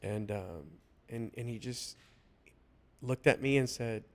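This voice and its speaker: A man hosting a casual podcast chat, talking earnestly and haltingly with many restarts. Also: mid-range voice. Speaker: podcast host.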